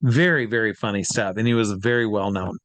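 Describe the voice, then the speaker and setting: A man's voice: on the low side, fairly quick, fairly bright tone, dry recording. A man in casual interview talk, rambling with lots of fillers and restarts, and acting out the voices of people he quotes. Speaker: guest performer.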